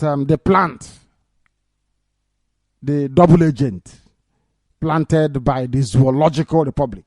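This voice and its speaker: Male radio broadcaster, Nigerian Igbo accent, high-pitched, sarcastic and fiery, dry studio sound. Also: slow pace, long pauses, no echo. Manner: sarcastic, laughs often, mixes Igbo into English; swings into loud indignant outbursts. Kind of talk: mocking news commentary.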